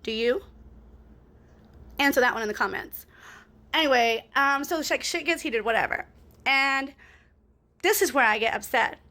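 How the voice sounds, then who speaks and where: A woman's voice: high voice, normal speed, pauses often, pushed and bright. A woman in a casual storytime monologue, rambling and cussing as she talks to her viewers and keeps asking "right?".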